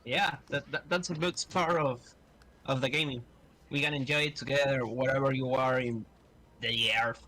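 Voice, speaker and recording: Halting man. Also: mid-range voice, steady tone, pushed and bright. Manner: halting, searches for words. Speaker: guest on stream. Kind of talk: casual chat.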